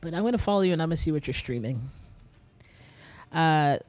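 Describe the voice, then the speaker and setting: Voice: mid-range voice, lively intonation, brisk, darkish tone. A young adult game streamer, a bit tired and short of breath, rambling in casual chat straight to viewers while playing.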